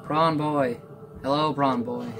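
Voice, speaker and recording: A gamer in casual gameplay commentary, muttering playfully to themselves and to the game, with sudden excited outbursts. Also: medium pitch, slow, over music. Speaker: gamer playing a survival game.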